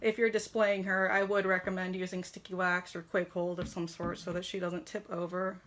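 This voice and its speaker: A toy shop owner reviews a collectible model horse from her home kitchen, chatting casually and gushing with lots of fillers. Her voice sits on the low side and is a bit bright, with a flat delivery at a moderate pace.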